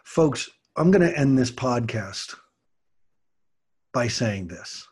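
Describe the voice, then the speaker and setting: A man's voice: medium pitch, animated, slow, a little mellow. A middle-aged man hosting a podcast monologue, giving earnest parenting advice and acting out quotes from kids and parents. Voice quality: husky. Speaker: podcast host, parenting coach and martial arts teacher.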